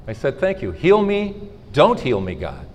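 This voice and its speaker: Middle-aged male speaker, animated storyteller at a faith talk, lively pitch, reverberant hall sound. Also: moderate pace, a little hiss or hum. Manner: storytelling, animated, acts out dialogue. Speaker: podcast host giving a faith talk. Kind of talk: inspirational talk to a live audience. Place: school hall.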